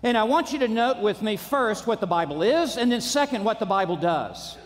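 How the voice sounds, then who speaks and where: A man with a very high voice preaches from a pulpit, hammering short repeated phrases and rising to shouts. His words ring out with the long reverb of a large auditorium. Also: expressive, normal speed. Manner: emphatic, punchy repetition with rising shouts. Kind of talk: conference sermon.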